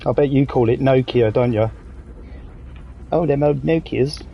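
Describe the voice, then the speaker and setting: Gravelly English man streaming a game. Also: medium pitch, a little slow, dull audio. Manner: rambling, jokey, swears casually. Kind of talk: casual gaming commentary.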